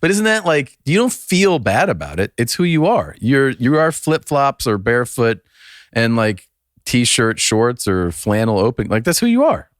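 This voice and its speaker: A man's voice: mid-range voice, sing-song, normal speed, no room sound. A man in his fifties co-hosting a podcast in casual chat, laid-back and teasing with easy laughs, on a close studio mic. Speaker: podcast co-host, comedian.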